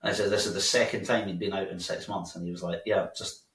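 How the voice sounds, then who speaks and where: A man's voice: sits low, fairly even intonation, quick pace, fairly bright tone. A man, a bar owner chatting as a guest, rambling with lots of restarts. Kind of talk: casual interview chat. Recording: roomy sound from a distant mic.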